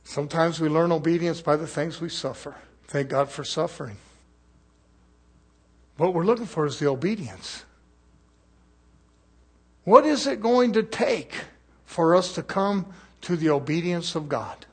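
A man preaching a sermon emphatically, swinging between loud and soft and throwing rhetorical questions at the congregation. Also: fairly high pitch, expressive, a little slow, pauses often, breathy edge.

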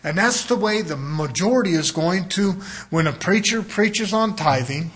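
A man's voice: sits high, expressive, moderate pace, a bit bright. A man preaching a sermon as a pastor, in a conversational way, often acting out the voices of people he quotes.

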